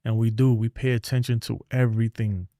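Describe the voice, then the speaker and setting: A man's voice: mid-range voice, steady tone, fairly quick, warm tone, no echo, studio quality. A middle-aged man, ranting bluntly and rambling in a casual livestream, trailing off into mumbles. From New York. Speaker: sports streamer.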